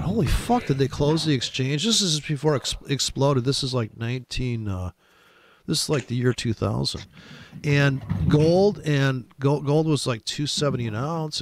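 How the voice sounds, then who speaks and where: Gravelly man telling rambling stories. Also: mid-range voice, slight background noise. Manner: rambling, profane storytelling with frequent restarts. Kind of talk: casual chat.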